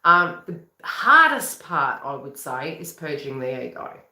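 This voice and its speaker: A woman, a psychic reader, talking casually to camera in a rambling, chatty way, breaking into quick laughs. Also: low-pitched, sing-song, bright, forceful tone, reverberant. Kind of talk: casual spiritual talk to camera.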